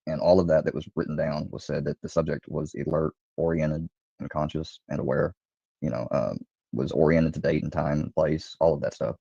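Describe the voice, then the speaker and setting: Man, very deep, gravelly, dark tone, hesitant retelling, many fillers, dull lo-fi clip. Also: little pitch movement, brisk, no room sound. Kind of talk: recounting events.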